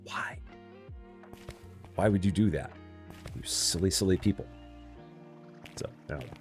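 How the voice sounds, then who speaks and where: A man commentates casually on his live stream of a store simulator, talking with chat, muttering to himself and cracking jokes in mock voices. His voice sits low and sounds animated though a little slow, with faint music in the background.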